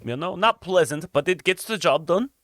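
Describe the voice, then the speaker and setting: A man playing a smug, evasive innkeeper in a tabletop game, halting and fumbling for words with slightly foreign phrasing. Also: high voice, animated, a bit bright, no room sound, studio quality, pitched above the performer's own voice.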